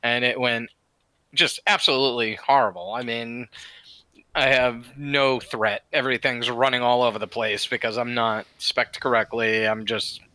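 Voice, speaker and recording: A man's voice: medium pitch, sharp tone, dry recording, poor audio. A man in a casual podcast chat, telling a rambling anecdote with casual swearing.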